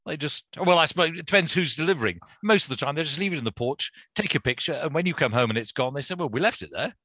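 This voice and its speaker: A man's voice: on the high side, animated, quick pace, pushed and bright, no room sound. A man presenting a radio show, chatting casually with dry, self-deprecating humour in a studio.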